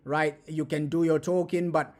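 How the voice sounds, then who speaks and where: A man hosting a fan live stream, reacting to an interview in a loud, animated way and repeating his points often. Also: on the high side, moderate pace. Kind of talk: casual live-stream commentary.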